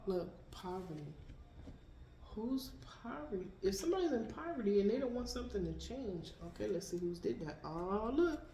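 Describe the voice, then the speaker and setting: A woman's voice: mid-range voice, very animated, normal speed, warm tone. Chatty woman reading tarot. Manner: chatty, talks to her pets between cards. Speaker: tarot reader. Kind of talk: casual spiritual card reading. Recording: echoey room, faint noise.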